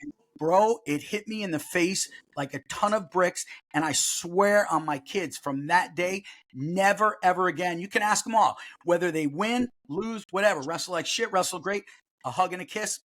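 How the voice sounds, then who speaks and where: A man's voice: high-pitched, normal speed, a bit bright. A middle-aged man hosting a podcast, telling stories bluntly in a casual chat and swearing freely. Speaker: podcast host.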